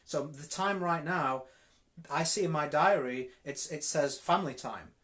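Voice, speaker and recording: A slightly high, slightly slow male voice with a fairly bright tone carries a Yorkshire accent. He gives a live-streamed network marketing coaching session, speaking directly and emphatically and repeating words for stress.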